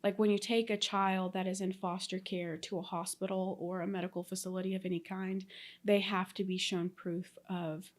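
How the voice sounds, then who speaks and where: A woman's voice: medium pitch, little pitch movement, normal speed. A woman in her thirties from Texas, a nurse telling her story as a guest in a casual interview, talking in a chatty way with many fillers. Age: 30s.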